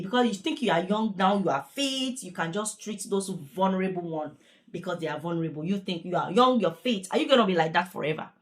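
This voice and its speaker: A young woman, a care worker talking in a chatty, earnest, repetitive way in a casual vlog. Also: medium pitch. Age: young adult.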